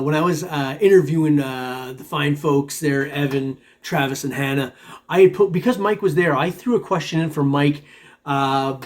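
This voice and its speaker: A man hosting a metal detecting vlog, chatting to viewers in a loose, rambling way, chuckling often and calling everyone "man". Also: fairly high pitch. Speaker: metal detecting channel host. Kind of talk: casual vlog chat to viewers.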